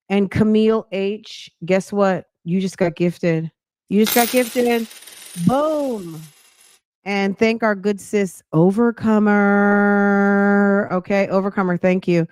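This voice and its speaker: A woman's voice: mid-range voice, clean tone, dry recording, studio quality. A woman hosting a podcast, chatting casually and a little out of breath, talking straight to her viewers with slang. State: slightly out of breath. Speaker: podcast host. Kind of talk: casual commentary chat.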